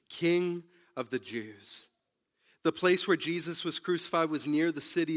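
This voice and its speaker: Dramatic preacher, bright forceful voice. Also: male voice. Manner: dramatic, swings between loud outbursts and hushed low passages. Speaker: pastor. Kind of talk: sermon retelling a story.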